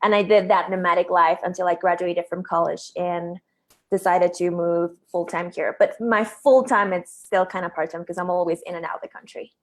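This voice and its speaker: A woman's voice: fairly low pitch, fairly even intonation, normal speed. A woman from Peru, a health coach, talking as a guest in an interview in a friendly, easygoing way. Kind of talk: interview conversation.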